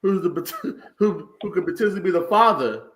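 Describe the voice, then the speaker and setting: A man's voice: high voice, animated, brisk, fairly bright tone, roomy sound. A man in casual podcast chat, wry and laughing along.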